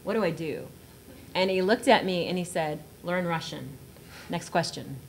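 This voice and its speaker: A woman in her thirties from South Texas tells a personal story to a panel audience. She is animated, laughs often, and acts out the voices she quotes. A faint hum of room ambience sits under her voice. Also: lowish voice, moderate pace. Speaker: panel guest writer. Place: auditorium panel discussion.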